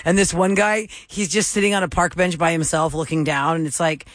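A man's voice: fairly high pitch, little pitch movement, fairly quick, a bit bright, no echo, studio quality. A man hosting a morning radio show, chatting casually and jumping between topics. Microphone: studio microphone.

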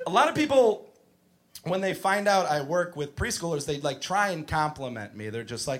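A man doing a crude stand-up comedy set, ranting and shouting mock arguments. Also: a little high, big pitch swings, normal speed.

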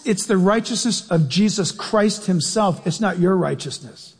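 A male preacher delivering an animated sermon, acting out voices and calling questions to his congregation. His voice is high and husky. It echoes with long reverb in a church hall. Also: normal speed. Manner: animated, acts out quotes, questions the audience.

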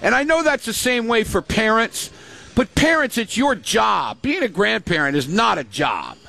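A man's voice: high-pitched, very animated, normal speed, creaky, bright, forceful tone. An older man, a grandfather, chatting casually on a show and telling family stories, acting out the voices he quotes. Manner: storytelling, acts out quoted voices. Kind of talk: casual chat.

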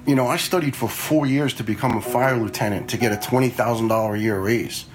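A man's voice: mid-range voice, quick pace. A blunt man in his forties, a retired fire lieutenant, telling stories casually and quoting himself along the way. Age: 40s. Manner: blunt, quotes himself in anecdotes. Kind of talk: casual storytelling.

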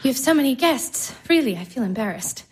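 An actress playing a shy, flustered young fiancee. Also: female voice, high voice, animated, brisk. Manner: flustered, self-conscious. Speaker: fiancee, guest. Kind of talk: stage drama acting.

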